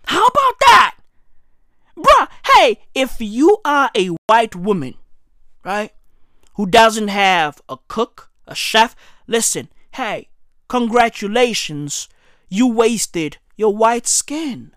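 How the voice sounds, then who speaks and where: A woman doing a profane comic rant to camera, emphatic and mocking. She keeps checking in with "right?" and bursts into high mock shouts. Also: big pitch swings, takes it slowly, no room sound, studio quality. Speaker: comedian.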